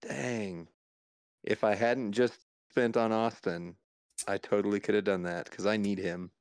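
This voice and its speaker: A man guesting on a live stream, chatting casually in a relaxed, easygoing way, chuckling as he talks. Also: fairly low pitch, a little slow, smooth, dry recording. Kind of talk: casual livestream chat.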